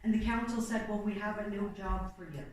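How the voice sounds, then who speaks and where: A woman's voice: medium pitch, steady tone, brisk, darkish tone. A woman preaches informally, telling history as a story and slipping into the voices of the people she quotes. She sounds distant from the microphone, with the sound ringing hard off a big reverberant room. A faint hiss sits underneath. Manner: conversational, storytelling with plain acted-out quotes and fillers. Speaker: church speaker. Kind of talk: informal sermon retelling church history. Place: church. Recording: very echoey room, mic far off, faint noise.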